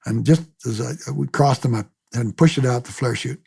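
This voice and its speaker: An older man, a retired military pilot, recounts his memories in a lively oral-history interview, acting out the voices of people he quotes and repeating words as he restarts. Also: medium pitch, brisk, gravelly, slightly rough.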